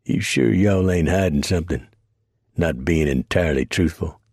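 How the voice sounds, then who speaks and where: A man's voice: low voice, moderate pace, gravelly, darkish tone, breathy edge, no echo, studio quality, exaggerated voice. A man voicing a domineering, contemptuous Roman centurion with a Southern US accent and a menacing drawl.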